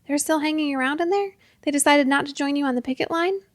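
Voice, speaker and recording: A woman's voice: high voice, fast, no room sound, lightly acted. Woman reading an earnest young hotel caretaker.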